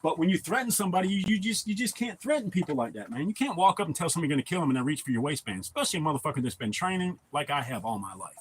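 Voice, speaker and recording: A man's voice: fairly high pitch, animated, rapid-fire, hardly any pauses, slight background noise, low-quality recording. A man live-streaming, telling blunt, profane stories in a casual chat to his viewers.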